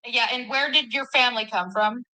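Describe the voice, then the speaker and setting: A woman's voice: fairly high pitch, steady tone, fairly quick, pushed and bright, poor audio. A woman speaking on a panel in a heated online debate, blunt and dismissive.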